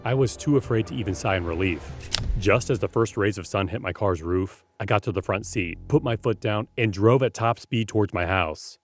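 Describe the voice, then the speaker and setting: A man reading scripted horror stories in a steady, measured narration. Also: on the low side, soft background music.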